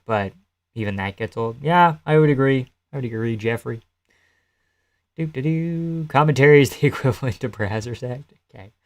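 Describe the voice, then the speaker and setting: A man streaming live, chatting loosely and answering his viewers' messages, with the odd curse. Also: mid-range voice. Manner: loose, rambling, profane, answers chat messages. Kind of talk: casual live-stream chat reacting to a fight card.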